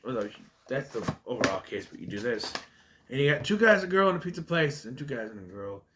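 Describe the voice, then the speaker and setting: A man casually recapping a sitcom episode, rambling and quoting characters in quick asides. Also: mid-range voice, big pitch swings, fairly bright tone, slight background noise. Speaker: retro TV show reviewer.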